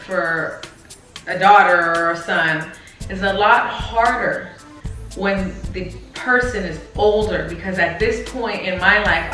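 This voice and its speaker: Teary woman talking to her viewers, bright voice, stumbles and repeats herself, echoey room, mic far off. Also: on the low side. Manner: halting, repeats words, addresses viewers directly. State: tearful. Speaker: co-host. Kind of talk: emotional personal talk to viewers.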